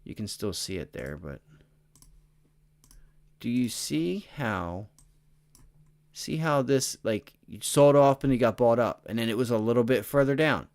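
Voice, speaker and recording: A tired, excitable man hosting a livestream, talking casually through stock charts and addressing his chat. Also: medium pitch, measured pace, pauses often. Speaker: stock trading livestream host. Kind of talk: casual live chart commentary.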